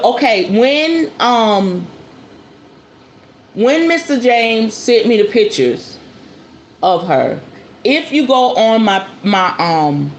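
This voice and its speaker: A woman host talking casually to her viewers and calling them y'all as she shows off an object. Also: mid-range voice. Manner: chatty, addresses viewers as y'all. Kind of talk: casual show-and-tell talk to viewers. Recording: roomy with faint background noise.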